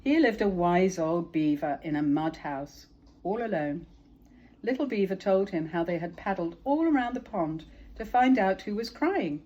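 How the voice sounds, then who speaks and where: A woman, a parent, reading a children's story aloud in a gentle, expressive narrating voice. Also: fairly low pitch, moderate pace, dull audio.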